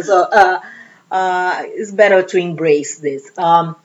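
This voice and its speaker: A woman's voice: fairly low pitch, fairly even intonation, measured pace, background noise. A middle-aged woman from Brazil with a Brazilian Portuguese accent, talking chattily in an interview with self-deprecating humor. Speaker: franchise business owner. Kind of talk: casual interview. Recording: dull lo-fi sound.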